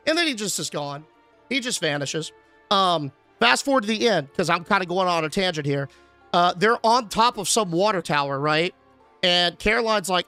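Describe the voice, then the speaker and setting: Male streamer, high bright voice, sarcastic movie-recap rant, faint music behind. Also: moderate pace. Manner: animated, sarcastic, swears casually.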